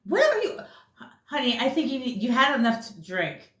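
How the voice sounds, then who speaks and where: Woman doing a smug clueless boyfriend voice, high and whiny, echoey room. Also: huge pitch swings, normal speed, a bit bright, heavily acted. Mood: mock-innocent. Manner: condescending, mock-puzzled. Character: dismissive male partner, feigning innocence.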